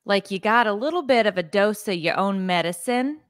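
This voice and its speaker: A woman's voice: medium pitch, expressive, fairly quick, smooth. A woman co-hosting a podcast in casual chat, teasing her co-host in a dry way.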